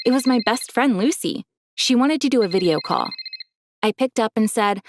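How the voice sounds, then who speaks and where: A woman's voice: fairly high pitch, lively intonation, normal speed. A woman narrating a first-person storytime in a chatty way.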